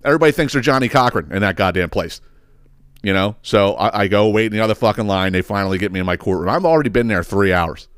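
A man's voice: fairly low pitch, expressive, quick pace, a bit bright, clean tone, no room sound, clean studio sound. A man hosting a podcast, telling a story as a profane, exasperated rant that rambles and repeats words. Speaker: podcast host.

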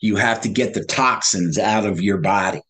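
A man guest on a video call, telling his story in an animated way, laughing and acting out past conversations. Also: fairly low pitch, moderate pace.

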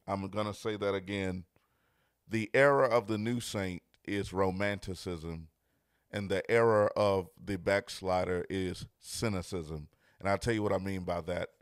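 Low-voiced pastor preaching, dry close sound. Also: male voice, steady tone, unhurried, clear, resonant tone, no room sound. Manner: builds from quiet greetings to loud emphatic preaching; repeats key phrases for emphasis. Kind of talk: livestreamed sermon.

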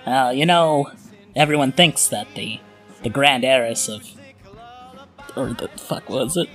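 A man's voice: medium pitch, a little slow, fairly bright tone, soft background music, natural voice. A man voicing a nervous, gossipy hotel guest in a tabletop game, stammering when tense. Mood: conspiratorial.

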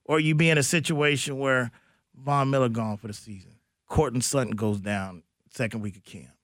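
A man's voice: medium pitch, normal speed, dry recording, studio quality. Blunt, slangy man on sports radio. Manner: animated, blunt, slangy, does mock voices. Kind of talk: casual sports talk.

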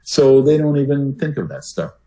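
An older man, a speaking coach and podcast guest, who swings his voice loud and soft to make his points. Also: medium pitch, sing-song, moderate pace, low-quality recording.

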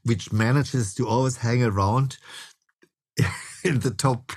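A man's voice: medium pitch, slow pace, a little mellow, husky. A man with a German accent, talking casually as a guest producer in an interview, laughing often and restarting his sentences.

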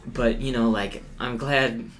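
A man imitating his gentle, upbeat mother who talks in a soft, consoling way. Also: medium pitch, steady tone, takes it slowly, a little hiss or hum. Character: gentle, upbeat mom who never gets upset.

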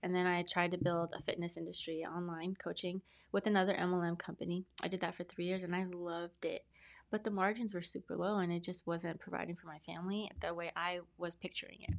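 A woman's voice: lowish voice, level tone, a little fast, creaky. A woman in her thirties, a podcast guest telling her story in a talkative, rambling, earnest way. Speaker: podcast guest, brand specialist. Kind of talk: casual interview storytelling.

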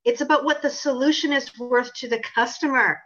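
A woman's voice: high voice, fairly even intonation, fairly quick, a bit bright. A woman author answering interview questions in an emphatic, assertive way. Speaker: author and pricing consultant. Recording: dull lo-fi audio.

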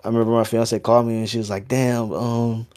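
A man with a slightly low voice, chatting casually on a podcast. He tells his stories in a laid-back, slangy way and swears a lot. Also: level tone, racing, a little mellow. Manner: laid-back slangy storytelling, heavy profanity.

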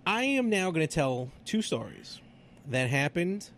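Lively high-voiced man telling stories. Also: unhurried, slight background noise. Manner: animated storyteller, acts out quotes with big pitch jumps. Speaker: podcast co-host. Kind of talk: casual chat.

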